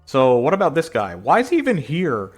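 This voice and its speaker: A bossy young bandicoot sister with a sharp, raised, scolding tone, as a man puts her on while reading. Storybook reading with a slightly higher pitch. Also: huge pitch swings, fairly quick, faint music behind.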